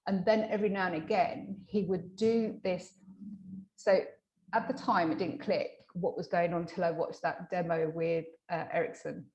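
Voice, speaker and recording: A woman hypnotherapist in a casual interview, telling a client story with lively acted-out quotes and frequent restarts. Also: fairly low pitch, normal speed, highs cut off. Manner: animated, acts out quoted dialogue; many fillers and restarts. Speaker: hypnotherapist guest.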